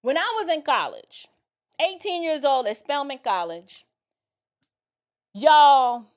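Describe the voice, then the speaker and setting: A woman from the Bronx, telling a personal story in a casual, animated way with asides to her listeners. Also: sits high, takes it slowly. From the Bronx, New York. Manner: animated, dramatic retelling with lots of asides to the listener.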